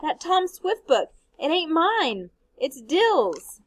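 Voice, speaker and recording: A woman reading aloud, voicing a frightened little girl who asks high, wide-eyed questions. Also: big pitch swings, slow, no echo, exaggerated voice. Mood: worried. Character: young girl, sleepy and scared.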